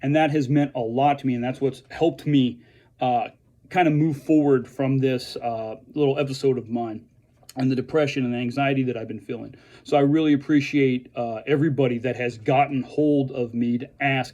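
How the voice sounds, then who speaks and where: A man who is a veteran speaks earnestly and haltingly to fellow veterans, restarting his sentences often. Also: mid-range voice, steady tone, warm tone, lo-fi sound. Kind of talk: earnest direct-to-camera message.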